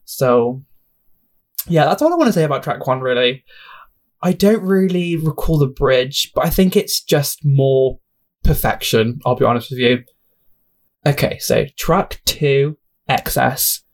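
A young man talks alone on his podcast in an easy, chatty way. He gushes, laughs at himself, drifts off topic and keeps apologizing, in a voice of ordinary pitch. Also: expressive, a little slow. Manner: gushing, self-deprecating, sidetracks and apologizes often. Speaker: podcast host. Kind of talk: casual solo podcast chat.

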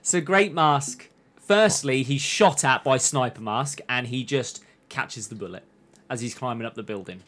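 A man's voice: mid-range voice, measured pace, a bit bright. Man recapping a show. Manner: recaps plot in long runs, acting out lines. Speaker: podcast host recapping an anime. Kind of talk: casual chat.

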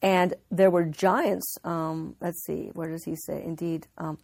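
A woman's voice: lowish voice, level tone, measured pace, vocal fry, darkish tone, no echo. A woman giving an informal Bible teaching, telling the story earnestly with frequent restarts.

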